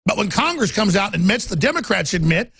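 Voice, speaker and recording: Gravelly, husky man in a heated studio rant. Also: high voice, big pitch swings, quick pace, a bit bright, no room sound. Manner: ranting, repeats words, acts out quotes in raised voices. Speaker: talk radio host. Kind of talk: heated political monologue.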